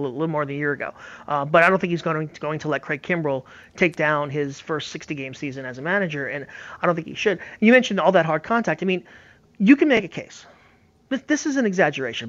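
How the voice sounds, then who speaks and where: A man's voice: a little high, fairly bright tone. A man talking baseball in a casual, emphatic and opinionated way. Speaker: baseball analyst. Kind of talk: casual sports talk. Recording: slightly dull lo-fi audio.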